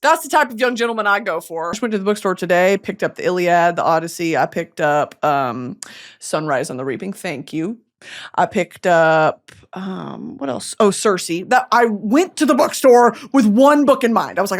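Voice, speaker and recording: A young American woman hosting a podcast, talking in a casual comic monologue, swearing and breaking into yells and laughter. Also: medium pitch, moderate pace. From United States. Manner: animated, swearing, bursts of yelling and laughter. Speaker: podcast host.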